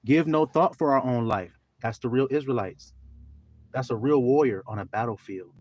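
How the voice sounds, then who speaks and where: A man preaching on a livestream, swinging from soft talk to shouting and drawing out scripture slowly. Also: mid-range voice, lo-fi sound. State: teary. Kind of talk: livestream sermon.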